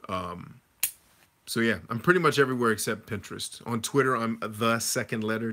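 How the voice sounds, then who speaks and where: Male livestream host, fairly low pitch with a bright, forceful tone, casual and chatty, reads chat aloud and riffs on it. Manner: conversational, reads chat comments aloud and answers.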